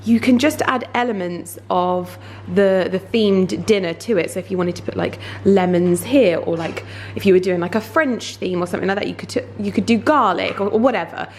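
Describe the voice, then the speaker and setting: A lifestyle vlogger in her thirties chats enthusiastically and casually, with plenty of fillers, while showing her home indoors and out in the garden. Her mid-range, darkish voice moves fairly quickly with hardly any pauses, over slight background noise.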